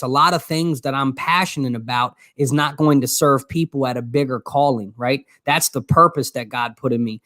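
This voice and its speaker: A man's voice: medium pitch, fairly bright tone, no room sound, studio quality. A man co-hosting a casual motivational talk show, talking earnestly with many restarts and stumbles. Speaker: show co-host.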